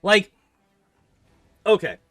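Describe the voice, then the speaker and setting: A young man streams a game and rants animatedly through casual commentary, swearing a lot and filling gaps with "like." He speaks extremely slowly, and there's no echo.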